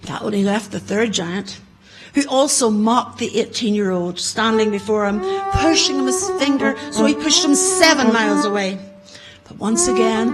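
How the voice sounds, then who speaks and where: A woman telling a folktale to an audience in a conference room, growing loud and dramatic in the battle scenes. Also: high voice, moderate pace, loud music behind the voice, poor audio. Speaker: storyteller. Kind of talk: oral folktale storytelling.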